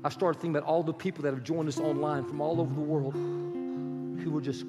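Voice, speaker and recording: A pastor in his sixties preaching a sermon, swinging from loud urgent pleading to soft, hushed prayer. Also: a little high, fairly even intonation, a little fast. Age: 60s. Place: church sanctuary. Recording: long hall reverb with guitar music behind. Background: soft guitar music.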